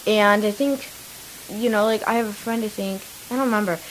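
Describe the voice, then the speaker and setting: A woman's voice: medium pitch, fairly even intonation, brisk, a little hiss or hum, rough recording. A teenage girl co-hosting a kids' radio show, chatty and rambling, with many fillers. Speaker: young co-host. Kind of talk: casual chat.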